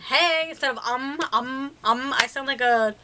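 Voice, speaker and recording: A woman's voice: sits high, a little slow, background noise. A young woman vlogger talking casually, rambling with lots of fillers and little laughs at herself. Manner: rambling and self-deprecating, filler-heavy, giggly. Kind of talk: casual personal vlog talk.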